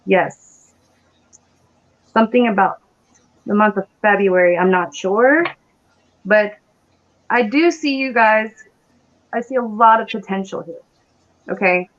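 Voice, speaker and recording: A woman's voice: medium pitch, takes it slowly, pauses often, dull audio. A woman giving live psychic readings, reassuring and calling people hon. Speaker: psychic reader.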